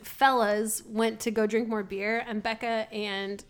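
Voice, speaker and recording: A woman's voice: fairly high pitch, little pitch movement, a little slow, clean tone. A woman co-hosting a podcast, telling stories animatedly and laughing easily. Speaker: podcast co-host. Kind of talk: casual chat.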